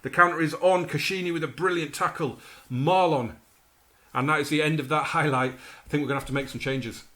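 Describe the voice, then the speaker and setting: A man casually narrating his own football management game, with chatty asides and sudden excited outbursts over the action. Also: a little high, a little fast. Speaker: gaming YouTuber. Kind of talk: commentating his own video game playthrough.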